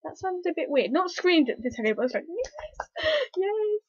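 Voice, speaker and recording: Rambling excitable woman, lo-fi. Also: high-pitched, fast, no room sound. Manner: rambling, hesitant, excitable fan with many fillers. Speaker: TV episode reviewer. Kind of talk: casual review vlog. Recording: dull lo-fi, dry recording.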